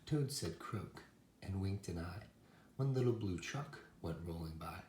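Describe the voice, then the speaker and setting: Lower-voiced dad reading picture books, very animated, roomy sound with a faint hiss. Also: male voice. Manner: slow, expressive, sing-song delivery with animal sounds. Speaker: parent reading to children. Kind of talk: children's picture-book reading. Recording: echoey room with faint noise.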